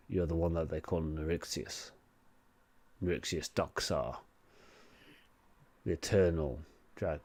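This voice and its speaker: Haughty ancient blue dragon voiced by a man, very deep, slow grand pronouncements. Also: a little mellow, no echo, full character voice. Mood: regal. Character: huge ancient male blue dragon, proud and condescending.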